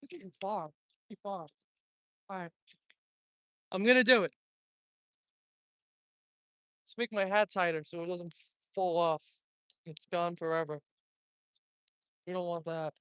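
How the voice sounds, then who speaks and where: A man's voice: high voice, fairly even intonation, normal speed, long pauses, fairly bright tone, smooth, no echo. A man talking casually to his phone outdoors, chatty and self-mocking. He is out of breath after a short run. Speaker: band member vlogging. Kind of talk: casual solo vlog on a walk. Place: outdoors, open area. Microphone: phone propped up, headphones unplugged.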